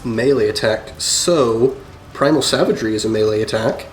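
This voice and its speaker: A man playing a tabletop game, calmly calling out his rolls and describing his moves. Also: medium pitch, normal speed, slight background noise. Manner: relaxed, matter-of-fact about rolls. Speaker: player. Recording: roomy echo.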